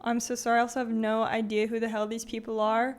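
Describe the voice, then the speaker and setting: A woman's voice: fairly high pitch, flat delivery, fast talker. A young woman live-streaming, chatting casually with her viewers, with lots of "like" and "um", frequent giggles and greetings to chatters by name.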